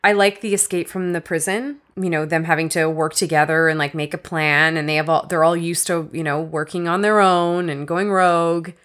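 Wry, low-voiced woman giving opinions. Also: fairly even intonation, normal speed, hardly any pauses, a bit bright. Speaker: podcast co-host. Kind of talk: casual movie discussion.

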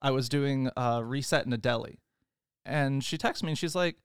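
A young man, a podcast guest, telling lively stories in casual chat and dropping into put-on accents. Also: mid-range voice, normal speed, clear, resonant tone, no echo, clean studio sound. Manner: animated storyteller, slips into put-on accents.

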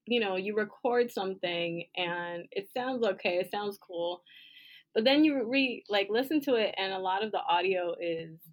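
A woman co-hosting a podcast in casual chat, talking loudly and laughing often. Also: medium pitch, normal speed. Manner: laughs often, animated and loud. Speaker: podcast co-host.

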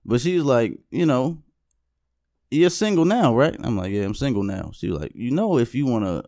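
A young man hosting a podcast, telling a long story in an easygoing, chatty way. His voice has an ordinary middle pitch and sounds close and dry, with hardly any room sound behind it. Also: very animated, a little fast, mellow, no room sound. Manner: laid-back storytelling, frequent laughs and "you know what I'm saying". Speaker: podcast host. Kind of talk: casual podcast chat.

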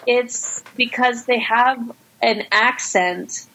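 A woman hosting a casual podcast chat, talking loosely with quick asides and frequent swearing. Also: fairly high pitch, sharp tone, a little hiss or hum, rough recording.

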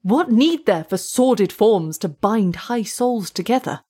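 This is a fervent young male student in a spoken storybook, put on by a woman narrator. He argues and pleads in earnest tones, with the voice lifted a little above her usual pitch. A breathy, husky grain runs through every line. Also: lively intonation, unhurried, dark tone. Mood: earnest pleading. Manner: earnest, pleading, turns to frantic shrieks.

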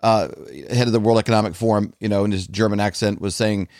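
A man's voice: lowish voice, steady tone, quick pace, darkish tone, dry recording, clean studio sound. A man co-hosting a casual talk show, sarcastic and often repeating words as he starts sentences. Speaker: co-host.

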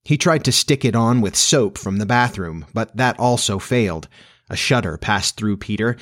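A man narrating a children's classic as an audiobook in a measured, expressive storytelling manner. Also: on the low side.

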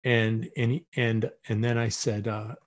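A middle-aged man, guesting on a podcast, tells a story in casual conversation, restarting often and acting out the voices he quotes. His voice sits in the mid-range, with a flat, unhurried delivery.

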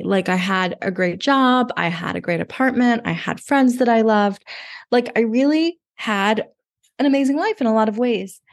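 A chatty woman with a medium-pitched voice tells her story during a casual podcast interview. She's a dating coach who says "like" often and relives moments by quoting her inner voice.

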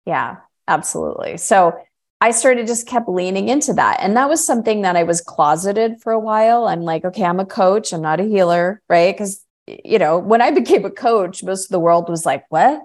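A middle-aged woman, a coach and energy healer, telling her story in a lively conversational way and acting out other people's lines. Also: normal speed. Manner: acts out quoted voices with big pitch jumps.

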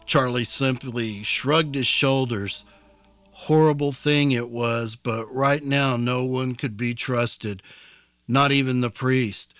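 A man reading a novel aloud as narrator, in a calm, measured way. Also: medium pitch, no room sound, faint music behind. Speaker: audiobook narrator. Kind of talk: scripted narration.

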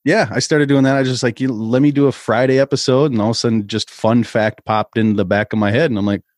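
A man from Minnesota, a podcast guest, telling stories in quick, animated casual chat. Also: mid-range voice, no room sound, studio quality.

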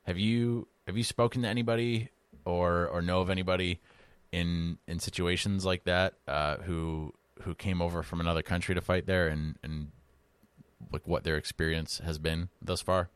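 A man's voice: sits low, fairly even intonation, moderate pace, clean tone, no echo. A man co-hosting a podcast who asks easygoing, rambling questions. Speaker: podcast co-host. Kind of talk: casual podcast conversation.

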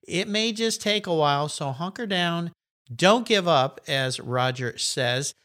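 An upbeat male podcast host with a bright, forceful voice, pitched a little high. He talks in a friendly, encouraging way, like easy conversation. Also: expressive, unhurried. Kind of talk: casual interview chat.

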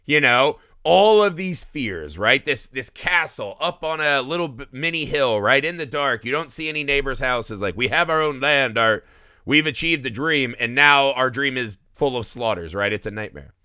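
Animated man hosting a film podcast. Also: medium pitch, moderate pace, clean tone, no echo, studio quality. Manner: animated, tags lines with "right?". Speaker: podcast host. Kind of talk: casual film discussion.

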